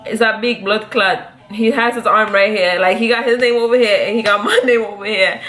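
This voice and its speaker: Young woman from new ranting through a story, swears a lot, voice jumps up when she quotes herself. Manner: animated, profane, quick to rise in pitch when quoting. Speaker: vlogger. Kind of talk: casual storytelling.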